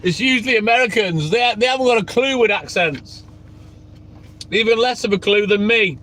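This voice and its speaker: A man's voice: high-pitched, lively intonation, normal speed, bright, forceful tone, rough recording. A man live-streaming from his milk round, greeting viewers by name and bantering cheekily.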